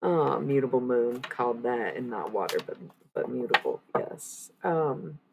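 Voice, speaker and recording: A woman talks loosely to her stream viewers while she reads oracle cards. Her voice sits low and carries a gravelly fry, and she drops the odd curse word. A faint hiss of noise sits under it. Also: sing-song, unhurried. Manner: loose and chatty, with many fillers and blunt swearing. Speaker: livestreamer giving oracle card readings. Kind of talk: casual live-stream chat with viewers.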